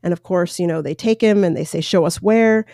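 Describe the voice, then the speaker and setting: A woman's voice: fairly low pitch, a little fast, warm tone, no room sound, clean studio sound. A woman hosting a solo podcast, telling a news story and giving her opinions in a rambling, self-correcting way. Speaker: podcast host. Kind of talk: casual solo podcast commentary.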